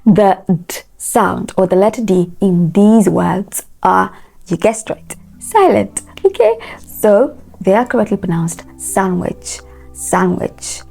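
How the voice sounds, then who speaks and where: A woman's voice: mid-range voice, expressive, unhurried, vocal fry, dark tone, breathy edge, faint music behind. A woman teaching English pronunciation. She spells words out letter by letter and repeats them, asking listeners to say them after her. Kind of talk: pronunciation lesson.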